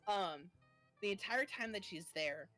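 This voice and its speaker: A woman's voice: mid-range voice, animated, unhurried, pushed and bright, soft background music. A woman in her twenties, a guest on a stream, chatting casually and telling a story with lots of fillers.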